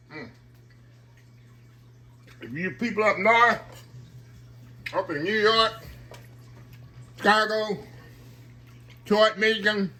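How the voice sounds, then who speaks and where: With a frying sizzle behind him, a man hosts a relaxed cooking demo at his home stove for his channel. He talks a lot, says "y'all" often, and his voice sits high with a sharp tone.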